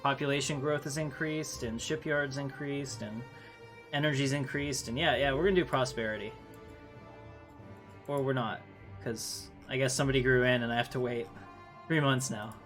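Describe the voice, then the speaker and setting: A man on a game livestream, chatty and thinking out loud as he plays. His voice sits at an ordinary pitch. Faint music plays under his talk. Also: steady tone, normal speed. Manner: chatty, thinks aloud, reads game text, talks to viewers. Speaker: streamer playing a strategy game. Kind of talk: casual livestream commentary.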